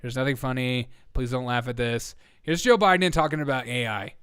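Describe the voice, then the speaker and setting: Sarcastic comedy host guy, smooth resonant voice, dry close mic, mock-serious riffing. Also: mid-range voice, a little fast, fairly bright tone, no room sound. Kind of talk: sarcastic political comedy commentary.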